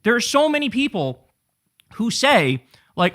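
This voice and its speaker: A man's voice: very high voice, a little slow, long pauses. A man in his thirties hosting a casual political commentary show, ranting with sarcasm and plenty of swearing. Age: 30s. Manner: profane, animated, sarcastic ranting.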